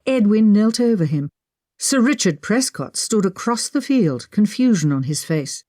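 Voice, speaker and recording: A woman narrating a historical mystery audiobook in the first person, measured and dramatic, on a close studio mic. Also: medium pitch, big pitch swings, warm tone, no room sound.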